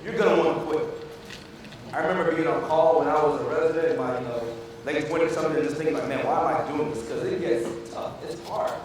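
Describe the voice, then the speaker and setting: Male physician, motivational speaker, higher voice, quizzes the crowd, heard from far back in an echoey, noisy hall. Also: steady tone, quick pace. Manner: call-and-response with the audience, repetitive and emphatic. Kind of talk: motivational speech. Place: large hall with a PA system.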